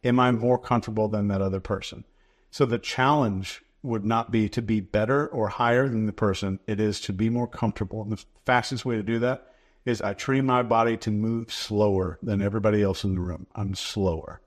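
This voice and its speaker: A man with a fairly low, voice talks through his ideas as an interview guest. He speaks in a measured, instructive way, leaning on short repeated phrases to drive each point home. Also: steady tone. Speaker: behavior expert guest.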